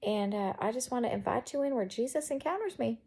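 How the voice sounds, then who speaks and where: Chatty Southern woman, gravelly and mellow. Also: on the high side, expressive, fast. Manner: rambling, chatty, quirky. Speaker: vlogger. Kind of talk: casual chat. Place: bedroom.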